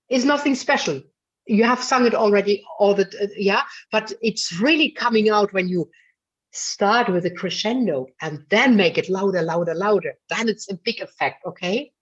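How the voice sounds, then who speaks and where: This woman speaks at medium pitch with a breathy edge while leading a singing masterclass. She's blunt, chatty and heavy on fillers, coaching her singer with affection and calling her darling, all captured on a dull lo-fi recording.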